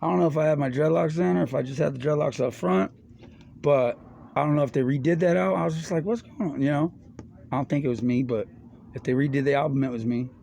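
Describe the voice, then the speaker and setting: A man's voice: a little high, fast, gravelly, warm tone. A middle-aged man in a loose, rambling monologue. He talks in a slangy, profane way, drifting from one topic to the next. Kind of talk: rambling stream-of-consciousness monologue.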